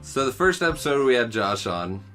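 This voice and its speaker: A man's voice: medium pitch, very animated, normal speed, fairly bright tone, soft background music. A man co-hosting a podcast who chats casually and teases with jokes. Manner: teasing, cracks jokes. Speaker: podcast co-host. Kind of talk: casual chat.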